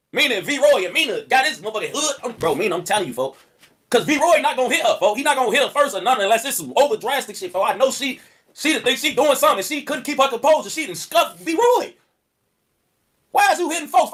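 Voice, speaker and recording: A young man who tells stories and jokes on a live stream, animated and profane, saying "folks" constantly. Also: extremely high pitch, breathy edge. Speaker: livestreamer. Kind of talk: storytelling and joking on a live stream.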